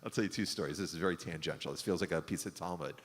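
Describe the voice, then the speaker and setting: Low-voiced rabbi, rambling talk. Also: male voice, very fast. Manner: rambling, many fillers and self-corrections. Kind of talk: casual storytelling talk. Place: synagogue hall. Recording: long hall reverb.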